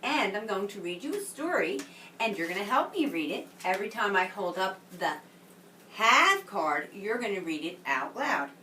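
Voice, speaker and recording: A kindergarten teacher who talks slowly and clearly in an encouraging way. Her voice is bright and lively in pitch. She sounds echoey and set back from the mic. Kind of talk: reading lesson for young children. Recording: echoey room, mic at a distance with faint background hum.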